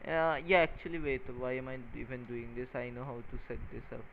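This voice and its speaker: A tired man talking casually while he codes and wires a small electronics project, halting and counting pins out loud. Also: mid-range voice, vocal fry. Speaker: maker coding a microcontroller project. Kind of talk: casual talk-through while working. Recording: tinny phone-like sound with faint noise.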